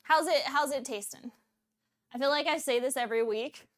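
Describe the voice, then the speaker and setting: A woman with a high-pitched, slightly bright voice hosts a cooking livestream at a moderate pace. She chats casually and bubbly with viewers and laughs often.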